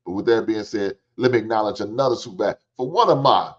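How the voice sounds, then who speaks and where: A man's voice: lowish voice, fast talker. A middle-aged man, hosting a livestream in casual, joking storytelling chat and swearing freely. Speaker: livestream host. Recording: dull lo-fi stream audio.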